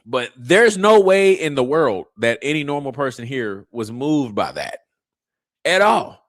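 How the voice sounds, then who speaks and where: Speaking at a measured pace with a medium-pitched voice, he runs a laid-back reaction commentary full of mockery and playful slang. There's no echo, and the sound is studio quality.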